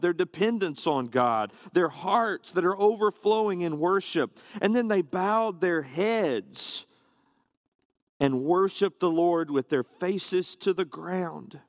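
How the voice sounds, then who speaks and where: Guy pastor preaching, kinda higher voice, chatty asides to the congregation. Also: dry recording, clean studio sound. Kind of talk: sermon. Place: church sanctuary, standing on a carpeted platform.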